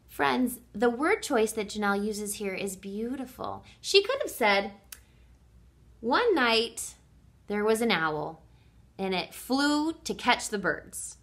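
Animated woman reading teacher. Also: on the high side, slow. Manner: animated, warm teacherly questions to children. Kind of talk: children's read-aloud and teaching.

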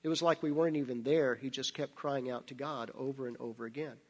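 A man giving a sermon, telling stories with laughter and dropping to a hushed voice for serious parts. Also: mid-range voice, steady tone, fast. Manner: anecdotal, laughing, drops to hushed tones for serious moments. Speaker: missionary speaker. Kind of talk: sermon with storytelling. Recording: long hall reverb.

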